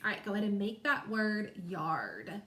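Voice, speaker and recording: A woman teacher leading a phonics lesson, stretching words out slowly and sounding each letter carefully. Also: medium pitch, very animated, a bit bright. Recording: echoey room.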